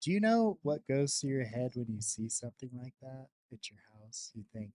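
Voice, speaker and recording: A man's voice: mid-range voice, big pitch swings, moderate pace, a little mellow, no echo, clean studio sound. A man hosting a podcast, bantering casually and laughing easily. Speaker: podcast host.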